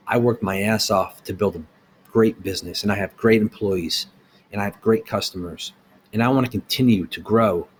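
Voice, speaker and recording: A man's voice: fairly low pitch, a little hiss or hum. A middle-aged man who owns a small business, delivering a blunt, heated opinion rant with rhetorical questions.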